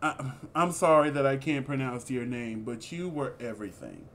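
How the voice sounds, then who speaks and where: A man co-hosting a casual review chat, animated and exclamatory, with sassy asides. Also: medium pitch, moderate pace. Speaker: co-host reviewing a reality show.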